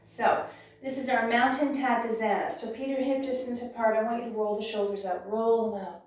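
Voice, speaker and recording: A woman leading a yoga class with calm, encouraging cues, sometimes losing her voice. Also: a little high, brisk. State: clearing her throat, losing her voice. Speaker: yoga instructor. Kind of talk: guided yoga class instruction. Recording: very echoey room, voice from far off.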